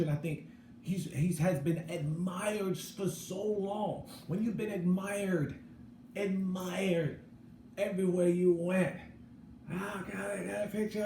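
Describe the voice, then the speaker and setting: A middle-aged man talking bluntly in a casual commentary monologue, swinging between loud outbursts and low asides. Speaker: channel host. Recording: echoey room with background noise.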